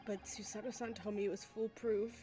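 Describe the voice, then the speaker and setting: A young lawyer, unsure but determined, speaking in a plain, hesitant way, as a woman reads him close to her own voice. The voice sits at an ordinary middle pitch for a woman. He sounds mildly bewildered by everything. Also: flat delivery, a little fast, warm tone, faint music behind, natural voice. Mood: puzzled. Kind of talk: reading game dialogue aloud on stream.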